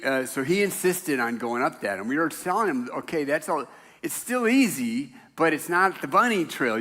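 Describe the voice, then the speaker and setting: Older male pastor, bright voice, chatty storyteller who laughs at his own jokes; church hall echo. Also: medium pitch. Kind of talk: casual conversational sermon. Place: church sanctuary.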